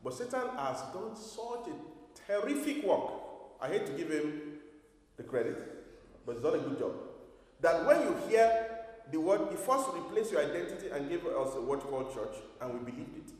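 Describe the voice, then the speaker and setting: A pastor with a slightly high voice preaches to his congregation very animatedly and a little fast. The emphatic sermon is full of rhetorical questions, captured from far off in an echoing church hall.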